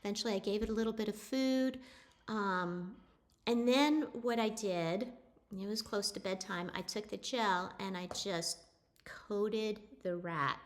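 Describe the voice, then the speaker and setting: A middle-aged woman telling an animal story in a casual, animated way, often restarting her sentences. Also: mid-range voice, slow pace. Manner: chatty, animated, with frequent restarts.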